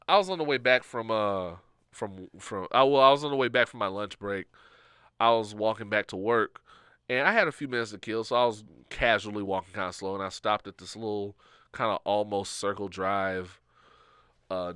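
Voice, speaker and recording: A man co-hosting a podcast, telling a story in a casual, animated way and acting out the people he quotes. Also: fairly low pitch, moderate pace, clear, resonant tone, no echo, clean studio sound. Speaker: podcast co-host.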